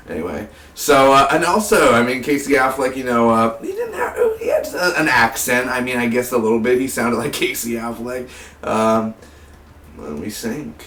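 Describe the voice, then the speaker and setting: A man's voice: medium pitch, sing-song, moderate pace, a bit bright. Rambling man, roomy and distant. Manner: rambling, fillers, keeps saying "man". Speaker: movie reviewer. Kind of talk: casual vlog movie review.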